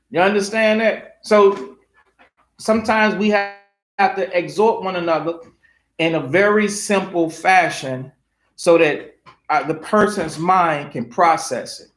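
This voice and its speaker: A man with a high voice preaches through a Bible passage, pressing his points with rhetorical questions and repeated phrases. The sound rings in a roomy, echoey space. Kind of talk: preaching scripture study. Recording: roomy echo.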